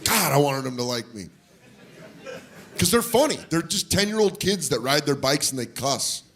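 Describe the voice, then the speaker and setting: On stage at a comedy club, a man tells stand-up stories and animatedly acts out the voices of the people in them. His voice is on the high side at a normal speed, and audience noise from the live set can be heard behind him.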